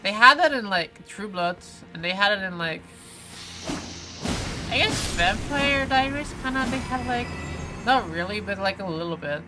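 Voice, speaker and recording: A game streamer talks over a live session at a mid-range pitch, reading out viewer messages and replying in loose, rambling sentences full of "like" and restarts. Game music plays clearly behind the voice on a close desk mic. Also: animated, normal speed, rough recording. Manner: chatty, reads viewer comments aloud and answers them; frequent "like" fillers and self-corrections. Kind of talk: casual live-stream chat while playing.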